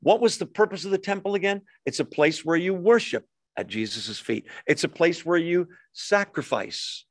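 A man's voice: a little high, lively intonation, normal speed, dry recording. A middle-aged male pastor preaches in a loose, conversational style. He asks questions of his listeners and throws in jokes. The recording is dry and close. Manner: conversational, rhetorical questions, humorous asides. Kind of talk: sermon.

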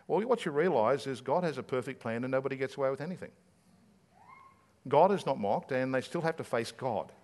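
A man's voice: mid-range voice, lively intonation, brisk, darkish tone. A man, a pastor preaching a sermon in a conversational way, full of rhetorical questions.

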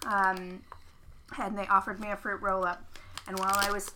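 A woman's voice: mid-range voice, level tone, normal speed, noisy background. A woman co-hosting a podcast, telling a story in a rambling, laughing way with many fillers. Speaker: podcast co-host. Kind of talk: casual chat.

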